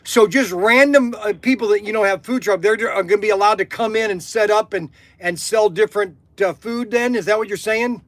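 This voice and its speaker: Excitable high-voiced man from Ohio. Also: fairly quick, hardly any pauses, dry recording. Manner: excitable, gushing, stammering. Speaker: livestream host. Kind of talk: casual phone chat. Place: workshop.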